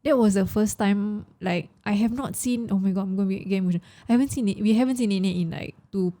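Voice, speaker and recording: A woman's voice: mid-range voice, fast talker, warm tone. A young Singaporean woman co-hosting a casual chat, talking in an emotional, chatty way and mixing in Malay words. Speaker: podcast co-host.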